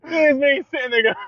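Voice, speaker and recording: A man's voice: very high-pitched, no echo, dull audio. A man co-hosting a casual podcast chat, telling stories animatedly with frequent laughs and swearing. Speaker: podcast co-host.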